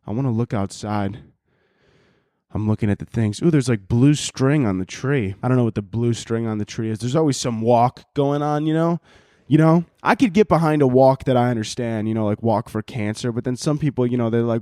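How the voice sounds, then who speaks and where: A man's voice: medium pitch, a little fast, mellow, no room sound, studio quality. Rambling, cursing podcast host man. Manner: rambling, profane, laughs often. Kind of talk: casual comedic podcast monologue.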